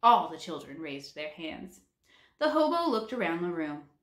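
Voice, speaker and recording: A woman reading a children's book aloud with animated storytelling. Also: lowish voice, normal speed. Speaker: read-aloud narrator. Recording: roomy echo.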